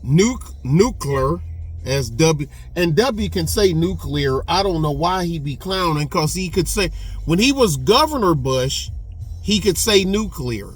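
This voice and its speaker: A man's voice: fairly high pitch, expressive, unhurried, breathy edge. A middle-aged man giving rambling, folksy casual commentary, often drifting off on tangents. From Texas. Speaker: channel host.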